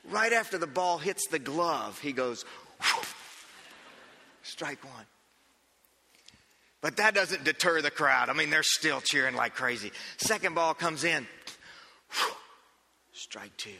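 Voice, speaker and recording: A man preaching a sermon, telling a story in an animated way, acting out the scene with frequent restarts. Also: on the high side, a little slow, long reverb tail.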